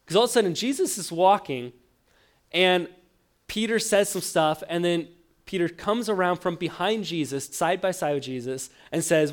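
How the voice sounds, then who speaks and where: A man preaching a sermon, telling the story with lively acted-out quotes and frequent stammered restarts. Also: high voice, normal speed. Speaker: pastor.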